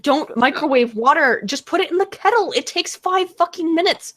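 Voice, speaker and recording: A woman's voice: high voice, lively intonation, moderate pace, fairly bright tone. Emphatic, swearing woman host. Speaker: stream host. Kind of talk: casual chat.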